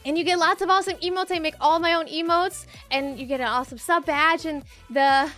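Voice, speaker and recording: A very high, bright woman's voice, unhurried yet giddy and excitable as she chats with her live stream viewers. She laughs and exclaims often while thanking them, with faint music playing behind her. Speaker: streamer hosting a tabletop game session.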